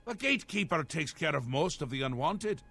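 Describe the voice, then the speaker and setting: An actor playing a manic, capricious male prince of madness from a video game, with a Scottish accent and a gravelly voice that swings from low mutters to sudden shouts. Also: sing-song, moderate pace, faint music behind, exaggerated voice.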